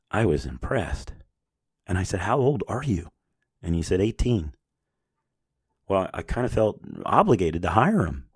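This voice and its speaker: Middle-aged male podcast host, very low voice, chatty anecdotal storyteller who plays both sides of the talk. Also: a little mellow, dry recording, studio quality. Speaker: business owner hosting a podcast. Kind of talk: casual storytelling monologue.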